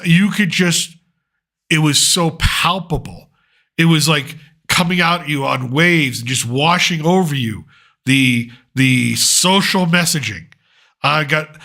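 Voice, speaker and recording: A middle-aged man hosting a commentary show, with a somewhat high voice and a bright, forceful edge. He rants with sarcasm and plenty of profanity. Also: creaky. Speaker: host. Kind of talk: opinionated pop culture commentary.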